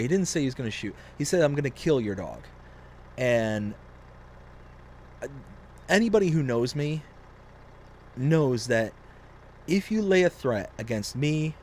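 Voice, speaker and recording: Young male streamer, chatty and lively, rambles through stories with plenty of fillers. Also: mid-range voice, a little hiss or hum. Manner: rambling, animated, with many fillers. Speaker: game streamer. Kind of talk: casual storytelling on a live stream.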